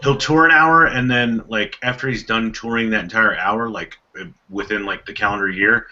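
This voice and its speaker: A man's voice: fairly low pitch, fairly even intonation, normal speed, bright, forceful tone. A man co-hosting a podcast, rambling and teasing in casual banter. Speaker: podcast co-host. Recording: dull lo-fi podcast audio.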